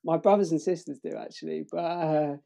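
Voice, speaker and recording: A man's voice: fairly high pitch, fairly quick, gravelly, dark tone. A man in his forties from Devon with a London accent, answering interview questions in an easygoing, self-deprecating way. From Devon, England. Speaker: guest.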